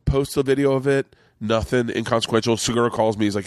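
A middle-aged man, a podcast host and comedian, tells a long, rambling story in casual chat, swearing freely and acting out what other people said. His voice is medium-pitched and steady, and he talks fast on a dry recording.

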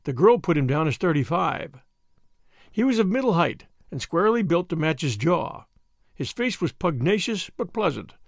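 A man reading a novel aloud as a narrator, expressive and animated, on a close mic. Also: on the high side, normal speed, creaky, no echo. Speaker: audiobook narrator. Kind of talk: scripted narration.

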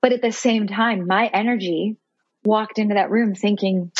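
A woman guest telling a personal story in an animated way, laughing often and saying "like" a lot, with a husky voice. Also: mid-range voice, normal speed, dry recording, muffled recording. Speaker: podcast guest.

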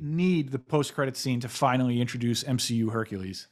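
A man hosting a casual panel chat about films, talking quickly and excitedly with many fillers and restarts. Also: medium pitch. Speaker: podcast host, editor-in-chief.

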